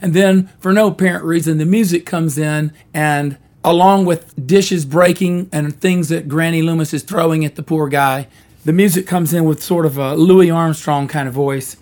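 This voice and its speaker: A man's voice: on the high side, steady tone, normal speed, a little mellow. A man in his sixties telling a wry, easygoing story about his career as a jingle writer. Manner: wry, easygoing, self-deprecating. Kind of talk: storytelling reminiscence.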